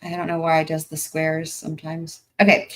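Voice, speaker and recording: Woman, lower voice, casual commentator, thinks aloud with ums and restarts, wry sarcastic asides. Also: monotone, moderate pace, a bit bright. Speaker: true-crime commentator. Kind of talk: casual commentary while reading case documents.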